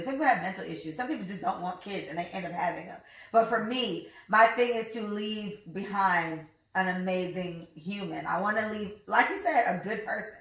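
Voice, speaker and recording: A woman's voice: mid-range voice, a bit bright, recorded from a distance. A young woman hosting a podcast, talking bluntly and casually with plenty of slang. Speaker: podcast host. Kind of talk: casual chat. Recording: echoey room, voice off-mic.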